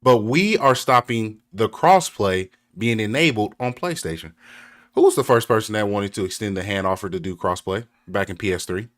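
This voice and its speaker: A man's voice: lowish voice, moderate pace, a bit bright. A man on a podcast building his point through leading, rhetorical questions in casual debate. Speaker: podcast co-host.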